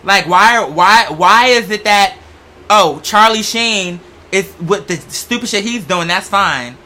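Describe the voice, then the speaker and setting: Young guy hosting, super sassy and campy, cusses a lot, bright sharp voice. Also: sits high, slow pace. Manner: sassy, campy, profane, chatty. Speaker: show host. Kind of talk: casual comedic monologue.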